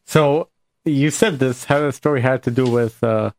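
A man's voice: medium pitch, normal speed, darkish tone. A man listening to a story, responding with short reactions and questions.

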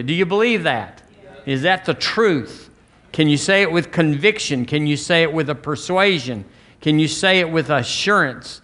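A man's voice: a little high, animated, normal speed, a bit bright. A man preaching a fervent sermon as pastor, leading his church in call-and-response.

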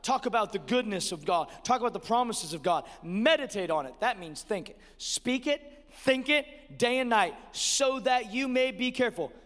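High-voiced man preaching in a hall. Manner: animated preaching, swings from hushed to shouting; repeats words in quick restarts. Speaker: pastor. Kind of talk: sermon.

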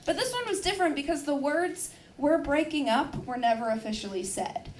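A brash, foul-mouthed woman doing stand-up in a comedy club, laughing at her own jokes. Her voice sits high and swings wildly up and down. The sound is echoey and distant, with loud noise behind her. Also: very animated, fairly quick. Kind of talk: stand-up set.

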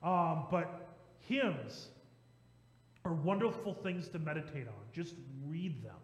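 A man preaching a sermon as pastor, reading hymn verses slowly and emphatically between casual asides. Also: fairly high pitch, animated, echoey room, in a large hall, rough recording. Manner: conversational asides with restarts.

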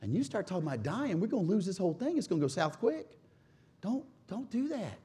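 A preacher acting out an anxious, pushy male disciple who pleads in an urgent hush, with a husky voice. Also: on the high side, wildly swooping pitch, normal speed, heavily acted.

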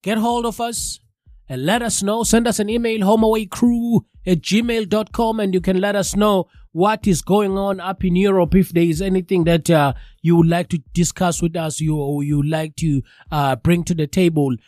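A man hosting a live radio show, his voice a touch high and sounding stuffy and congested from a cold. He chats casually and speaks straight to his listeners. The sound is dry and close, with no room echo. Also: steady tone, normal speed, darkish tone. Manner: chatty, addresses listeners directly.

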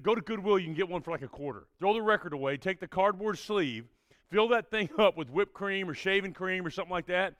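A man, a preacher telling a youth group a story in an energetic way and checking in with "all right?" after almost every line. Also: sits high, no echo.

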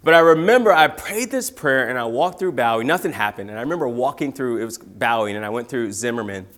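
Animated young preacher, loud then hushed. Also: male voice, mid-range voice, fast. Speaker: guest preacher. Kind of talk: sermon with personal stories.

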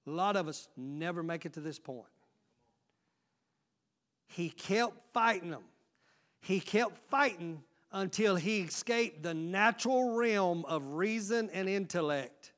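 High-voiced man preaching a sermon. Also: expressive, slow. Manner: emphatic preaching, swinging between loud exhortation and quiet asides; frequent call-outs to the congregation. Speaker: pastor.

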